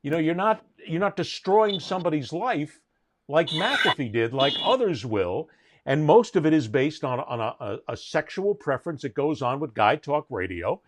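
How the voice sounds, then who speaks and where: A middle-aged man hosting a sports talk show, telling stories in an emphatic, indignant way. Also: mid-range voice. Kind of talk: casual panel chat.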